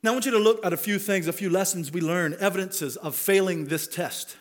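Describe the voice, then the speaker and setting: A man's voice: sits high, a little fast. A man preaching a sermon as pastor, talking conversationally and building to emphatic rhetorical questions. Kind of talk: expository sermon.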